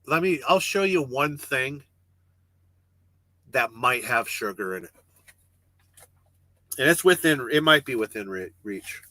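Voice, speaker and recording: A man hosts a casual livestream from the cab of his parked truck and reads out viewer comments. He rambles and jokes, cursing freely. His voice is bright and tense, and it sounds dry and close. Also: medium pitch, expressive, measured pace, pauses often, no echo. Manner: rambling, joking, swears freely. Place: parked truck cab with refrigerated trailer running.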